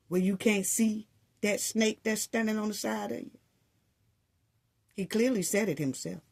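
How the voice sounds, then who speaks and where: A woman giving a sarcastic, scolding opinion monologue, full of rhetorical questions. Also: mid-range voice. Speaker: commentary vlogger.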